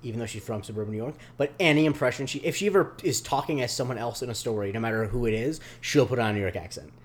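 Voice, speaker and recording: Rambling male podcast co-host. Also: medium pitch. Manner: rambling, filler-heavy, slips into quick voice impressions. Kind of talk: casual podcast chat recapping a TV episode.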